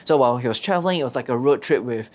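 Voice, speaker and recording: A storyteller retelling a Bible story in a lively way, asking rhetorical questions. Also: medium pitch, very fast. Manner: lively, asks rhetorical questions, acts out quotes.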